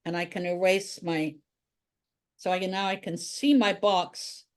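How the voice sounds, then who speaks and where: A woman's voice: fairly low pitch, fairly even intonation, unhurried, smooth. A woman art teacher giving a drawing tutorial, talking chattily and thinking aloud as she draws.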